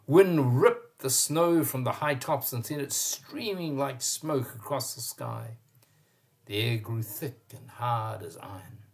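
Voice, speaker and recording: A man reading a children's picture book aloud, expressive and pausing to point out the pictures. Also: mid-range voice. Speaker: storyteller.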